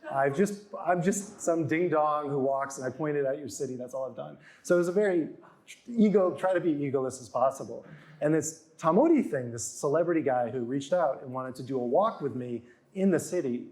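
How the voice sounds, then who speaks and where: Animated man telling stories. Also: on the high side, brisk. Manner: animated, acts out quotes in raised voices. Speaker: author and guest. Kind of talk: casual storytelling.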